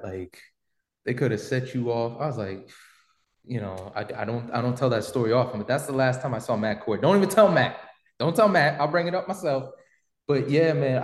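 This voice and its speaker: A man's voice: mid-range voice, a little mellow. Slangy man telling stories in a roomy space. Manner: slangy, rambling storyteller with many fillers. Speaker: podcast host. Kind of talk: casual storytelling chat.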